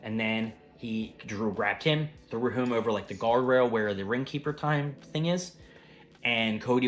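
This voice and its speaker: Man vlogger recapping wrestling: loose, profane, off the cuff, average pitch. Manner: rambling, profane, conversational.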